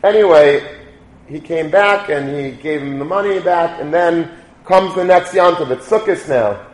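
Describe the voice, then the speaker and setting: Brief: middle-aged male rabbi, informal storyteller, slightly high voice, roomy echo. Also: a little slow. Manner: animated, informal storytelling with Yiddish and Hebrew terms. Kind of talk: storytelling talk. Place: lecture room. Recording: echoey room.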